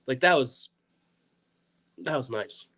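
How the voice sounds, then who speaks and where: A man's voice: mid-range voice, animated, slow, a bit bright, breathy edge, poor audio. A young man, a comedian guest on a podcast, telling a story in a rambling way with many "like"s. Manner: rambling, heavy use of "like".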